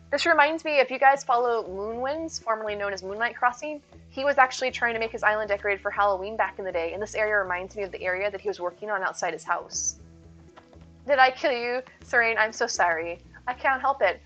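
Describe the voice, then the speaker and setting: A woman's voice: a little high, a bit bright, lo-fi sound. A woman streaming live and chatting with viewers, playful and silly, full of jokes and puns.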